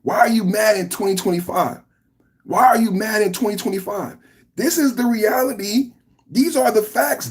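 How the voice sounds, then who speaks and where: Heated podcast guy ranting live, bit high voice, keeps repeating himself. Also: a little mellow, husky. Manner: heated, repetitive, rhetorical ranting. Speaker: podcast host. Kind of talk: live reaction podcast rant.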